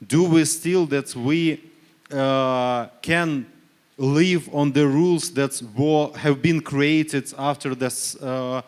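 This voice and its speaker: A man from Ukraine, speaking on a forum panel in halting English, full of fillers and self-corrections, pressing his case with earnest rhetorical questions. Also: medium pitch. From Donetsk region, Ukraine. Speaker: panelist, human rights official. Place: conference panel stage.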